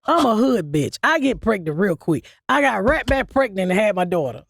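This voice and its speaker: A woman's voice: mid-range voice, big pitch swings, normal speed, vocal fry, no room sound, clean studio sound. A woman comedian in her fifties, a blunt and profane storyteller who laughs through her stories as a guest. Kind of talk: casual interview storytelling.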